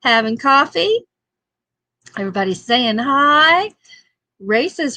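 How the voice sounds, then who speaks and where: Woman host, easygoing morning chat, unhurried delivery, slightly high voice, laughs a lot. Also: lively intonation, pushed and bright, no room sound. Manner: chatty and homey, laughs often, many fillers. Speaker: livestream talk show host. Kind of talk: casual chat reading viewer comments.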